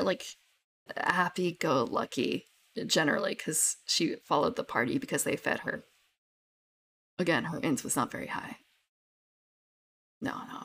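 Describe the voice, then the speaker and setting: A young woman chatting casually about her tabletop characters, rambling with many fillers and restarts. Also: medium pitch. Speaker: tabletop gamer. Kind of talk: casual chat.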